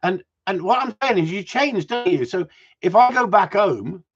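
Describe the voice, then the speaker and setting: Guy on a livestream, gravelly and husky, bouncy pitch, slightly muffled sound. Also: animated, moderate pace. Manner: rambling, joking, swearing, talking to viewers. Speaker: gundog trainer. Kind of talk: casual livestream chat.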